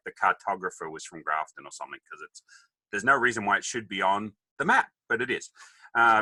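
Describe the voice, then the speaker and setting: An Australian man telling humorous stories from his life as a podcast guest, cracking quick jokes. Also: on the low side, dry recording. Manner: joking, wisecracking, animated anecdotes. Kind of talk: humorous storytelling interview.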